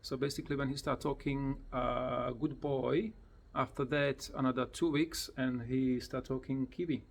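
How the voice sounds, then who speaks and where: A man casually explaining how he teaches his parrot to talk, in plain, slightly broken English, often repeating words in a high, sing-song voice, recorded at home beside the bird. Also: fairly even intonation, creaky. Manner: slow, plain explanations with simple non-native grammar. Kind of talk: casual tutorial vlog.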